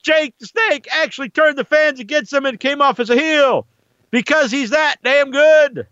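A man's voice: extremely high pitch, normal speed, pushed and bright, no room sound, muffled recording. A man talking casually in a rambling, profane monologue about wrestling. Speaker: wrestling commentator.

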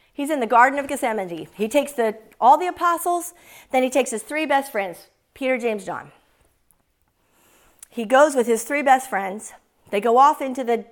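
A woman preaching a sermon in an emphatic, animated way, often repeating phrases for stress. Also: high voice.

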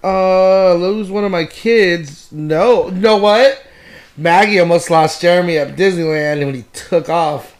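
A man co-hosting a podcast, chatting casually while reacting to videos, excitable, laughing often and swearing freely. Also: high-pitched, measured pace. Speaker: podcast co-host.

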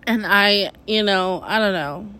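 A woman's voice: mid-range voice, a little slow, heavy background noise. A young woman hosting a casual podcast from her kitchen at home, venting in a rambling, emotional way and swearing constantly. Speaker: podcast host.

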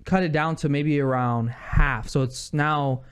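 A man telling a rambling story in casual chat, animated and full of asides and restarts, swearing freely. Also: a little high, a little slow, smooth.

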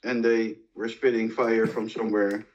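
A man's voice: on the low side, little pitch movement, normal speed, darkish tone. A man co-hosting a podcast, hesitant with many fillers. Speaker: podcast co-host. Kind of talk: casual podcast chat.

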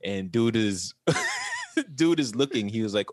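A man co-hosting a podcast, swinging his pitch widely as he tells a story. He laughs often and swears freely. The sound is close and dry. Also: wildly swooping pitch, a little slow, dry recording. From Caribbean. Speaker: podcast co-host. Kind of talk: casual podcast banter.

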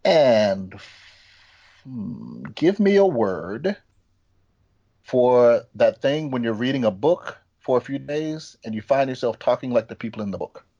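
A man's voice: mid-range voice, very animated, measured pace, mellow, highs cut off. A man hosting a casual comedy podcast game, playfully quizzing the panel and explaining the rules.

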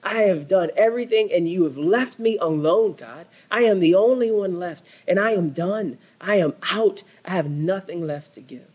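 A man's voice: high-pitched, normal speed, hardly any pauses, a little mellow, husky, voice pushed up. A man voicing a worn-out male prophet pouring out his complaints in an emphatic, pleading outburst. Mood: exasperated. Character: worn-out male prophet, exasperated and self-pitying.

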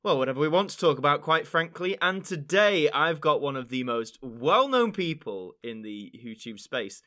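A man's voice: on the high side, animated, normal speed, hardly any pauses, sharp tone. A man hosting a podcast, chatty and laughing often as he talks with a guest. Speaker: podcast host. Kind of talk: casual chat.

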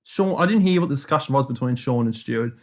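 An Australian man co-hosting a podcast, telling long anecdotes in a lively, self-mocking way. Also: mid-range voice, fast talker. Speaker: podcast co-host. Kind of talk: casual storytelling chat.

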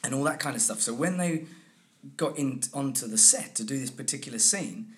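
A man's voice: mid-range voice, fairly quick. A man speaking in an easygoing interview, his voice sitting in a middle register. He tells his stories with animation, slipping into the voices of the people he quotes. He circles back on his own phrases as he builds each point. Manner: animated storyteller who acts out quoted people. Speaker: accent and dialect coach, guest. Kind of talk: conversational interview.

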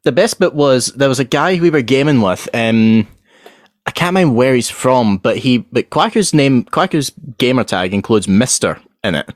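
A young man co-hosting a casual chat, telling lively stories and acting out voices. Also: mid-range voice, normal speed, no room sound, clean studio sound. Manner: animated storyteller who acts out voices and yells. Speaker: podcast co-host.

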